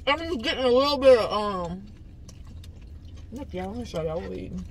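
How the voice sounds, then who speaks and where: A woman vlogger chatting casually to viewers during a mukbang eating video, telling stories in a relaxed, chatty way from inside a car. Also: medium pitch, fairly quick, a little hiss or hum, poor audio.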